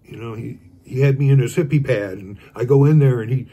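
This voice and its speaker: Relaxed older man teaching guitar. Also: mid-range voice, fairly quick, slightly rough. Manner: relaxed, rambling, counts beats aloud while playing. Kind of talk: casual guitar lesson.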